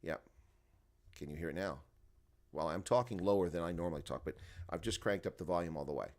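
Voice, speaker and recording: His voice is low-pitched, fairly quick and a little mellow, with slight background noise. The man hosts an early-morning rugby live stream from home, rambling to chat viewers and sounding tired and groggy. He uses a desk microphone with the volume turned up.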